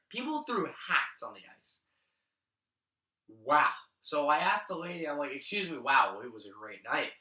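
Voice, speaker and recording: An excitable young man rambles through a fan vlog, his voice pitched fairly high. It sounds forceful and bright. The room is echoey, and he sits a bit back from the camera mic. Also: distant mic. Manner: excitable, rambling, jumps up in pitch when thrilled. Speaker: vlogger. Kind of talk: casual excited recap.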